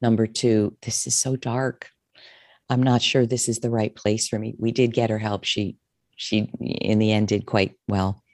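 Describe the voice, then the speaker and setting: A middle-aged woman, a therapist and coach, telling her own story in an interview, expressive and emotional, often restarting her sentences. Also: rumbling low, measured pace, no echo, studio quality.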